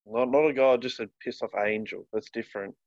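A man's voice: medium pitch, brisk, no echo, lo-fi sound. Wry joking male podcast co-host. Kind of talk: casual podcast chat.

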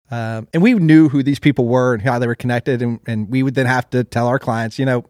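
A man of middle pitch talks through finance stories as a podcast guest. He is measured and repeats his key lines. The recording is close and dry. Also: steady tone, darkish tone, no room sound. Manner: measured, explains with anecdotes, repeats for emphasis. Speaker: guest, restaurant owner. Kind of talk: casual interview chat.

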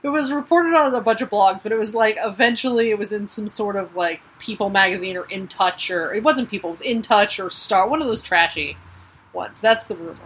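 Wry, bright-voiced woman podcast co-host. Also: medium pitch, a little fast, slightly rough. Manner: wry, laughing, sarcastic. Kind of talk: casual chat.

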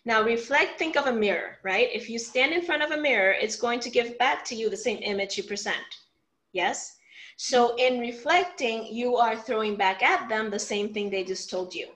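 Animated woman coaching on family talks. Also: fairly high pitch, moderate pace, rough recording. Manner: animated, acts out example lines, frequent "right?" check-ins. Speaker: communication coach. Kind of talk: teaching a workshop talk.

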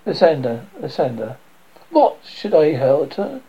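A man's voice: a little high, big pitch swings, a little slow, breathy edge, muffled recording, heavily acted. Lysander: scornful young man, as a reader does him.

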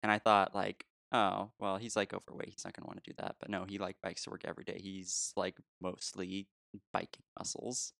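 A man's voice: low-pitched, little pitch movement, a little fast, gravelly, a bit bright, no room sound, studio quality. A man co-hosting a podcast, chatting casually and rambling with frequent laughs. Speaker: podcast co-host. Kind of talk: casual chat.

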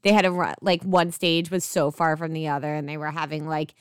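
A woman in her thirties co-hosts a casual podcast, rambling in a chatty, filler-heavy way with the odd swear. Her voice is a little low and very smooth and clean. The recording is dry and close. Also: little pitch movement, fairly quick, no room sound. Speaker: podcast co-host. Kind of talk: casual chat.

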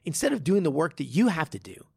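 A man who teaches martial arts, talking in a casual podcast chat and telling a story with animated swearing and frequent restarts. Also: on the high side, fast, vocal fry, slightly rough, no echo, studio quality.

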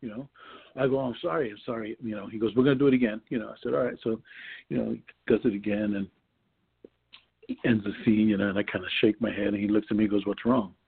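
A man's voice: on the low side, little pitch movement, quick pace, creaky, breathy edge. A man, an actor guest, telling rambling anecdotes in a casual interview, full of restarts and laughs. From New York. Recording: tinny phone-like line.

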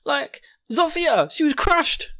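A man voicing a vengeful teenage girl soldier in an animated podcast recap, ranting frantically. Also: very high voice, takes it slowly, voice pushed up, heavily acted. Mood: frantic.

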